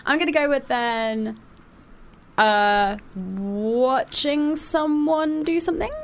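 A woman's voice: high voice, takes it slowly, vocal fry, slight background noise. Sarcastic giggly young woman. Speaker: co-host guest. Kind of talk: casual comedic chat.

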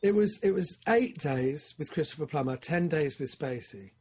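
Excitable husky man. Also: moderate pace. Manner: excitable, swings from loud enthusiasm to low mumbling asides. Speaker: podcast co-host. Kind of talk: casual film chat.

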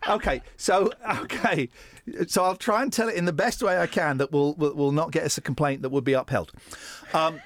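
A man's voice: a little high, a little fast, no echo. A man hosting a radio breakfast show, bantering and telling jokey stories in a studio. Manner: playful, teasing, jokey storytelling. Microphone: studio microphone.

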